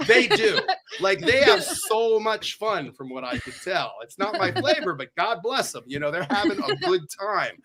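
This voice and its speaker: A middle-aged man, a divorce lawyer, talking in a casual podcast conversation, animated and sarcastic, swearing freely and acting out bits of dialogue. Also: high voice, normal speed, hardly any pauses, crowd noise.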